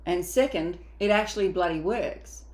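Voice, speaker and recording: A woman's voice: fairly low pitch, normal speed. A woman mindset coach giving a motivational coaching talk, emphatic and casual, sometimes acting out inner voices.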